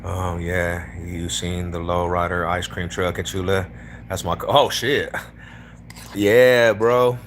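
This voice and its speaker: This East Denver, Colorado livestreamer talks a little slowly in a low, level, fairly bright voice, with slight background noise. Chatting casually with strangers in his Denver accent, he stays slangy and relaxed, calling people homie, bro and fool.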